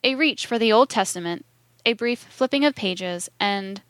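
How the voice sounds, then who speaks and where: Lady reading a text aloud, slow and steady, super dry close sound. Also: mid-range voice, no echo. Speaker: reader.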